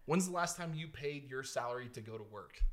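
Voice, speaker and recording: A man's voice: mid-range voice, expressive, brisk. A man talking in a casual podcast chat, blunt and joking, swearing freely as a guest. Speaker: podcast guest, gun content creator.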